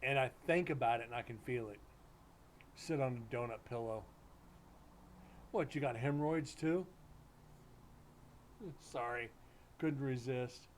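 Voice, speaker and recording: A man's voice: medium pitch, a little slow, pauses often, a little hiss or hum. A man hosting a livestream, telling stories in a loose, blunt, joking way. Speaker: livestream host. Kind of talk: casual storytelling chat. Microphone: streaming setup mic.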